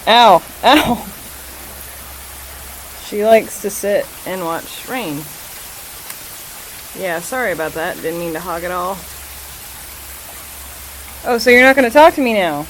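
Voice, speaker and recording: A woman's voice: mid-range voice, expressive, slow pace, pauses often, slight background noise, poor audio. A woman filming her cats at home, playfully teasing them and meowing at them in a casual home video. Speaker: cat owner filming her pets.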